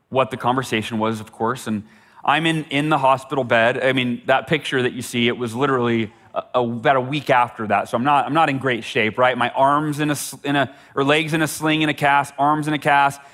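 A man's voice: medium pitch, a bit bright. A middle-aged man telling a personal story as a motivational speaker, earnest and often repeating words for emphasis. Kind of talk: storytelling talk.

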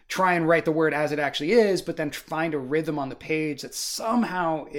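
A man co-hosting a casual book discussion podcast, rambling with many "like" and "you know" fillers. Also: fairly high pitch. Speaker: podcast co-host.

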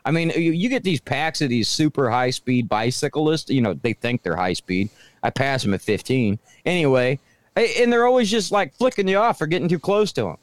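A man's voice: fairly high pitch, animated, fairly quick, no echo. A man co-hosting a podcast, talking in blunt, profane, joking banter. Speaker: podcast co-host. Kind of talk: casual banter.

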